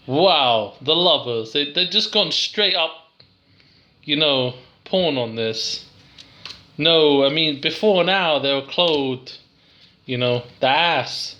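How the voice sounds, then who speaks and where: A man's voice: fairly high pitch, animated, takes it slowly, bright, forceful tone, highs cut off. A young English man rambling through a casual, giggly, self-deprecating card review.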